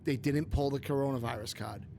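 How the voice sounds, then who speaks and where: A man co-hosting a podcast in casual political chat, rambling and leaning on filler words. His pitch sits in the middle, with faint noise behind him. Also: fairly quick, vocal fry, darkish tone. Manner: rambling, heavy use of "like". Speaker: podcast co-host.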